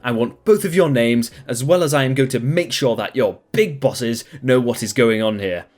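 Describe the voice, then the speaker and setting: A man reading a story aloud, voicing an angry, entitled woman customer who shouts demands. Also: mid-range voice, normal speed, faint music behind, lightly acted. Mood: furious. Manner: indignant, shouting accusations.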